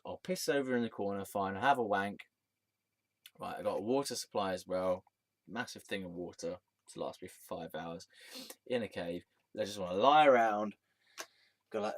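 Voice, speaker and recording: A man's voice: medium pitch, dry recording. A man telling a rambling, sweary personal story as a vlogger, often breaking into laughter.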